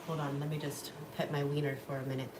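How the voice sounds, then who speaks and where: A woman's voice: low voice, little pitch movement, fast. A young woman livestreaming from home in casual chat, blunt and profane, cooing to her dogs between stories. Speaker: livestream vlogger. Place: home, in a room. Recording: echoey room, mic at a distance, noisy.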